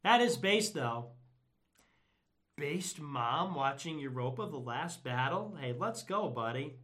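A man's voice: fairly high pitch, lively intonation, takes it slowly, fairly bright tone. A man hosting a livestream, talking in a rambling, crude, sarcastic way with lots of filler words. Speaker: livestream host. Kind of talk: casual livestream commentary.

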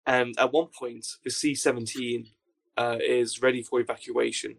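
A young man telling a story as a podcast guest, with dry, deadpan understatement. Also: mid-range voice, normal speed, vocal fry, slightly rough. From Wales. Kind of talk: casual storytelling anecdote.

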